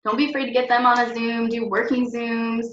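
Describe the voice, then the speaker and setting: A woman's voice: fairly high pitch, level tone, a little fast, a bit bright, a little hiss or hum. A young woman talking in a chatty, rambling, encouraging way in a casual motivational vlog recorded at home. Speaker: network marketing team leader. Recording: roomy, distant, dull lo-fi sound.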